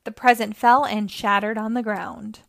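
A woman hosting storytime, reading a children's picture book aloud in a gentle, clear way. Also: mid-range voice, steady tone, normal speed, dry recording, studio quality. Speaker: storytime host.

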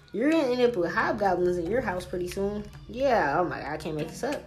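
A woman's voice: mid-range voice, expressive, fairly quick, darkish tone, a little hiss or hum. A woman hosting a spiritual podcast alone, ranting in a brash, profane, trash-talking way. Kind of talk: casual solo podcast rant.

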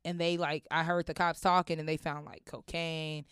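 Animated, swearing woman telling a story. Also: sits low, moderate pace, clean tone, dry recording, studio quality. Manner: animated, acts out voices in quotes, swears freely. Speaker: comedian guest. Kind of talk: comic storytelling in an interview. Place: recording studio.

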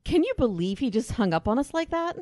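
A woman's voice: on the high side, sing-song, fairly quick. A woman co-hosting a call-in radio show, sarcastic and exasperated with the callers. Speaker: radio co-host.

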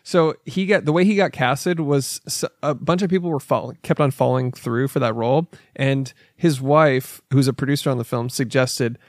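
A man's voice: medium pitch, normal speed, few pauses, no room sound, studio quality. A man co-hosting a podcast, telling stories in a rambling, casual way and laughing often. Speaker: podcast co-host. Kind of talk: casual film discussion.

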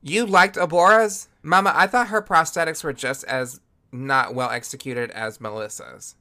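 A man's voice: on the high side, fairly even intonation, normal speed, pushed and bright. A man co-hosting a podcast, chatting casually in a sassy, campy, blunt way while reviewing a show. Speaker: podcast co-host.

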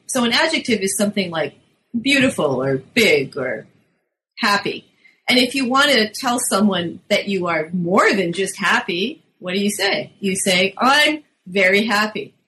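A middle-aged woman, a linguist, answering interview questions about her book in a lively explanatory way, sometimes acting out quotes. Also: medium pitch, poor audio. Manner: lively, acts out teen quotes. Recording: faint background noise.

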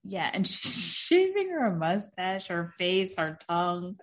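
A woman with a notably low voice talks through a movie in casual, rambling chat. She fills gaps with small hesitations as she remembers the scenes. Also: big pitch swings, slow pace, a little hiss or hum. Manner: chatty, rambling with fillers.

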